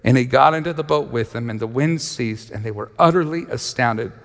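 Speaking briskly in a mid-range voice with vocal fry, a male pastor reads scripture and brings it to life through animated storytelling, voicing each character. A long reverb tail trails his words.

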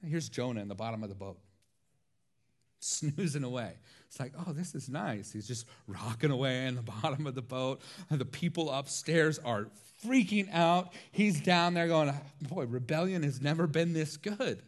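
A man preaching a sermon, telling stories in a lively, laughing way. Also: mid-range voice. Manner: animated storytelling with frequent laughs. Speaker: pastor.

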